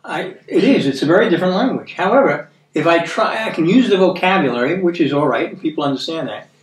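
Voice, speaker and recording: A man with an American accent giving a conversational sermon, earnest, repeating words for emphasis and reading scripture slowly. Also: a little high, animated. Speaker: preacher. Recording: echoey room, mic at a distance.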